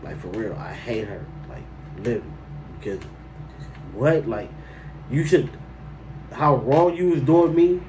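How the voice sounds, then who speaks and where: Man, casual storytime vlog, slangy, incredulous, mid pitch, slightly distant mic, faint background noise. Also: measured pace, pauses often, lo-fi sound. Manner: animated, slangy, incredulous outbursts. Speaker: vlogger telling a story.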